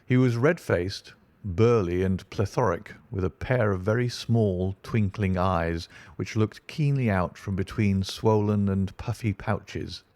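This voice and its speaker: A man narrating a classic detective novel in a steady, descriptive audiobook reading. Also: on the low side, unhurried, no echo.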